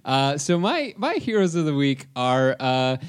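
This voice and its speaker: A man's voice: medium pitch, big pitch swings, measured pace, smooth. A man co-hosting a podcast in casual chat, rambling with many fillers and frequent laughs. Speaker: podcast co-host.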